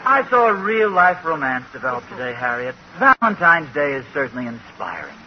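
An actor playing a hesitant, stammering sitcom husband in 1940s radio acting. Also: male voice, mid-range voice, big pitch swings, brisk, natural voice. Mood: flustered. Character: flustered, fumbling sitcom husband. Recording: dull, hissy old radio recording.

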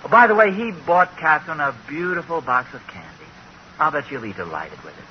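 An actor playing a hesitant, stammering sitcom husband in 1940s radio acting. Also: male voice, fairly high pitch, expressive, a little fast, natural voice. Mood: flustered. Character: flustered, fumbling sitcom husband. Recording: dull, hissy old radio recording.

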